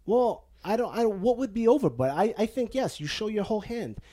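Playful priest with an Italian-American lilt. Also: male voice, high voice, lively intonation, brisk, mellow. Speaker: Catholic priest and podcast host. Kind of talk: casual podcast advice chat. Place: basement living room at home.

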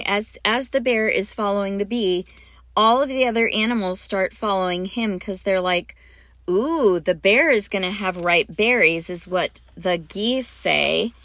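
A woman's voice: mid-range voice, bright, forceful tone, no echo. A woman hosting a podcast for music teachers, talking in a bubbly, gushing way with frequent ums. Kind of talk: enthusiastic teaching talk.

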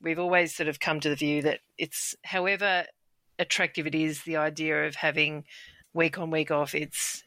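A woman's voice: low-pitched, level tone, moderate pace, pushed and bright, dry recording. A woman guest telling frank, candid stories about raising her boys, laughing often and swearing casually. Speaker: guest, mother of three boys. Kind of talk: candid conversational storytelling.

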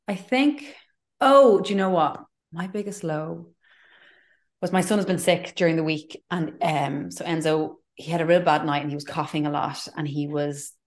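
Low and gravelly, this woman's voice carries candid personal stories as she co-hosts a casual podcast chat. She's chatty, her storytelling peppered with fillers and frequent restarts.

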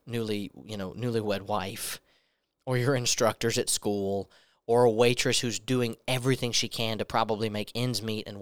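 A man's voice: on the low side, a bit bright, clean tone, dry recording. A young man giving a personal testimony as a sermon, earnestly telling a story and acting out the dialogue in it. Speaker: preacher.

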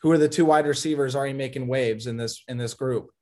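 A man's voice: mid-range voice, fairly even intonation, fast, warm tone. A man co-hosting a casual sports talk show, giving opinionated takes on college football recruiting and teasing his co-host.

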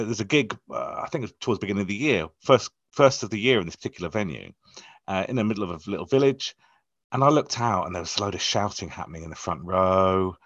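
A man's voice: low-pitched, no room sound, lo-fi sound. A man, a comedy promoter, chatting casually in an interview and acting out the people in his stories. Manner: animated storyteller, acts out quoted voices.

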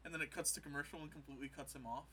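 Very bright-voiced man retelling scenes. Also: on the high side, steady tone, husky. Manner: retells scenes with quick put-on voices, laughing often. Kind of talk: casual chat recapping a comedy show.

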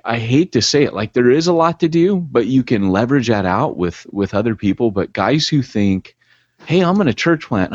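A man's voice: fairly low pitch, husky, dry recording. A man co-hosting a podcast in casual chat, talking in a blunt, emphatic way. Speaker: podcast co-host. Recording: dull lo-fi podcast audio.

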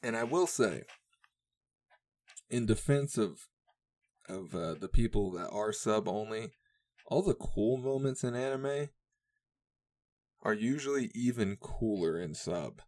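This podcast host is a young man whose fairly low, darkish voice is animated yet slow, with long pauses. Talking casually on his own, he wanders from topic to topic, curses freely, and laughs often.

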